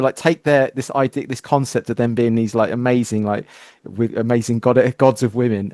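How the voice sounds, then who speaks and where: A man hosting a casual interview, animated as he tells stories and acts out quoted exchanges. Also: medium pitch, no room sound. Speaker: podcast host.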